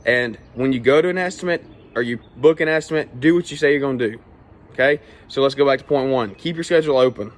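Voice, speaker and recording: A man's voice: mid-range voice, fast talker. A man who owns a small lawn care business, giving straight-talking advice in a casual vlog and tagging his points with "all right?" and "okay?".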